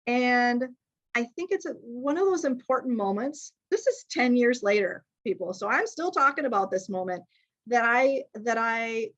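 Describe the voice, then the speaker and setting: A woman's voice: a little high, normal speed. A middle-aged woman, a speech pathologist giving a conversational presentation full of anecdotes, chatty and often restarting her sentences. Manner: chatty, lively, frequent restarts and self-corrections. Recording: dull lo-fi sound.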